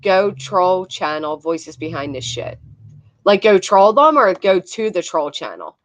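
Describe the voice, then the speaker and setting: A woman's voice: on the low side, sing-song, unhurried, no echo. A woman hosting casual commentary on video clips, blunt and swearing, talking to her chat between clips. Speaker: commentary host.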